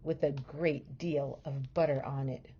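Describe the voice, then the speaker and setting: A woman teacher reading a children's storybook aloud in a gentle, expressive way. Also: a bass voice, unhurried, muffled recording, a little hiss or hum.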